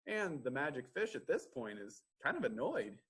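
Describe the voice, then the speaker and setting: A man reading a story aloud at a children's storytime, asking the listeners questions with drawn-out pauses. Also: medium pitch, very animated, a bit bright, husky. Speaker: library storytime reader.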